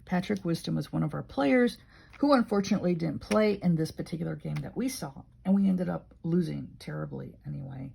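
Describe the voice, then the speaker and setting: A woman's voice: low-pitched, expressive, a little fast, vocal fry, warm tone, breathy edge. An older woman from Illinois chatting casually and emotionally as she flips through her journal. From Illinois, USA. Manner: rambling, emotional, conversational. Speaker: journaling vlogger.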